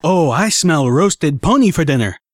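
A man's voice: fairly high pitch, animated, moderate pace, no echo, clean studio sound, natural voice. A man voicing a sadistic male slaver pony who gloats and taunts in a mocking singsong. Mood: gloating.

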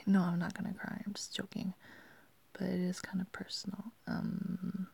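A woman's voice: fairly low pitch, flat delivery, normal speed, gravelly, a little mellow, husky. A young woman rambling through a questionnaire in a casual, giggly way, often half-whispering. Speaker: vlogger.

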